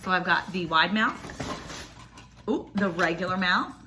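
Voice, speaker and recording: A woman, chatting excitedly and gushing as she unboxes a package for her vlog. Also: fairly low pitch, a little slow, noisy background. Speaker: homestead vlogger. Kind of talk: casual unboxing chat.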